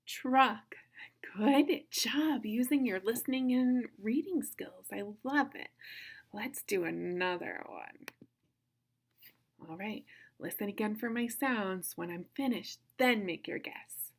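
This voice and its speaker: A woman teaching a kindergarten phonics lesson, sounding out words slowly in an encouraging sing-song way. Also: on the high side, gravelly. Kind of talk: phonics lesson for young children.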